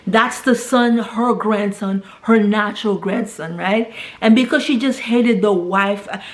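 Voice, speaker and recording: Woman, casual film recap, chatty, mid-pitched, tags lines with "right?". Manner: chatty, retells scenes with quick quoted voices, frequent tag "right?". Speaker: vlogger reviewing films.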